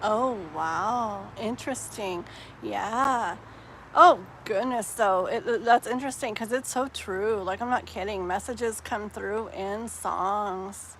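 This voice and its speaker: A woman's voice: medium pitch, slow, a bit bright, a little hiss or hum. A woman doing a live tarot reading, chatting casually and rambling, with lots of "like" and "um" fillers. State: tearful while telling a sad story. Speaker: tarot reader.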